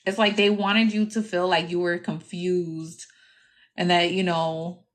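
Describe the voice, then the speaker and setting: A woman's voice: on the low side, flat delivery, unhurried. Brash, profane young woman reading tarot. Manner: brash, profane and teasing, laughing often. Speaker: tarot reader. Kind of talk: casual tarot reading to camera.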